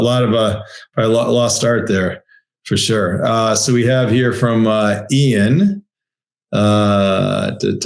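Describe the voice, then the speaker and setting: A man hosting an interview, giving short encouraging replies and reading out audience questions with many hesitant fillers. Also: fairly low pitch. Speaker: podcast host.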